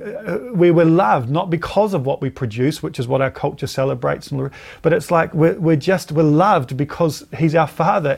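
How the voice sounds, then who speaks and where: A man's voice: on the high side, creaky, darkish tone. A man giving an earnest, reflective teaching sermon as a pastor.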